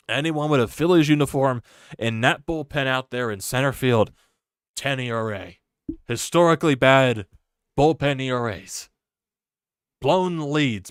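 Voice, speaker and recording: A man ranting about his team on a live stream, swinging between loud outbursts and low muttering. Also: clear, resonant tone, no echo, studio quality. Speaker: sports fan streamer. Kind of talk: live-stream sports rant.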